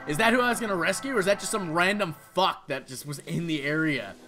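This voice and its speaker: A man playing a horror game who reads its text aloud and comments between passages, swearing freely and breaking into loud, annoyed rants. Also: a little high, fast, faint music behind. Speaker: gameplay streamer.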